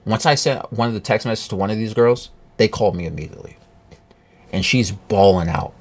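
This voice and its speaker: Man, lower register, vlogger telling a personal story; halting, earnest, lots of restarts. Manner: halting, with many restarts and fillers; earnest, confiding.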